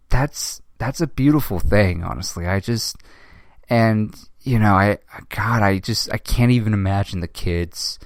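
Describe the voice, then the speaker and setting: Young man, host, low pitch, dry close sound, emotional, halting, swearing. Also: clean tone, no echo. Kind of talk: casual commentary.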